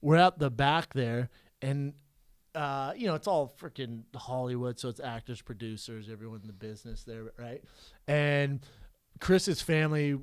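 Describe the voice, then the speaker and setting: A man in his thirties, co-hosting a podcast in casual chat and acting out quoted lines loudly. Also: medium pitch, normal speed, smooth. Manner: storytelling, acts out quotes loudly. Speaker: podcast co-host.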